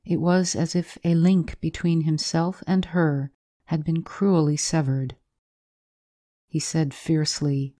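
A woman narrates a literary tale as an audiobook reader. Her voice is low and dark-toned, and she keeps an unhurried, measured pace. Her storytelling stays steady and even from line to line.

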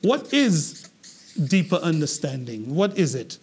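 A man from England teaching a public speaking class, animated and asking the students questions, often repeating himself. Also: a little high, measured pace, slightly rough. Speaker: English public speaking trainer.

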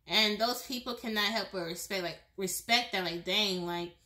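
A woman's voice: mid-range voice, moderate pace, bright, forceful tone. A woman giving a pick-a-card tarot reading, speaking directly to the viewer in a chatty way, repeating herself, restarting sentences and laughing often. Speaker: tarot reader.

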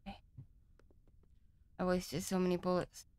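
A woman's voice: fairly low pitch, flat delivery, normal speed, darkish tone, smooth, soft background music. A woman playing a horror game and talking to herself as she plays, nervous and chatty, then signing off to her viewers. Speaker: gaming channel host.

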